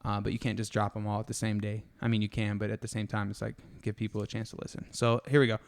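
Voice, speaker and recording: A man's voice: on the low side, flat delivery, quick pace, creaky. A man hosting a casual faith podcast, talking in an earnest, confessional way, full of slang and emphatic asides. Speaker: podcast host.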